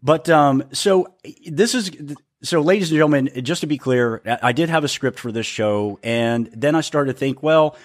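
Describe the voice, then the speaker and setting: A man's voice: on the high side, moderate pace. Stammering, rambling podcast host man. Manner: rambling, stammering, laughing at himself. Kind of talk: casual podcast chat.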